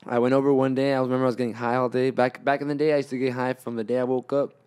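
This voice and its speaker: Young male podcast host, rambling and profane, mid-pitched, casual storyteller. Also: little pitch movement, rapid-fire, darkish tone, clean tone. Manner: rambling, profane, acts out friends' lines.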